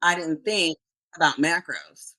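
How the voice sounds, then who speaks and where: A woman talking as a podcast guest in a relaxed interview, chatty and often quoting herself. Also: low-pitched, unhurried, rough recording. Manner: chatty, quotes herself often, frequent restarts. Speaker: podcast guest, fitness competitor. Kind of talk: casual interview chat.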